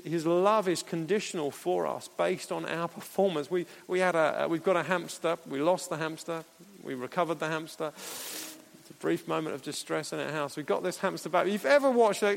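A man's voice: high-pitched, creaky. A man preaching a sermon in an earnest, conversational way, with playful asides. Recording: echoey hall.

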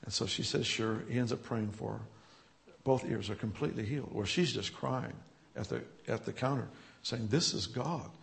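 A man's voice: mid-range voice, moderate pace, vocal fry. A man who leads a church, telling healing stories in an interview and chuckling as he builds them up. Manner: storytelling, chuckling, grows animated and loud. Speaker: church leader.

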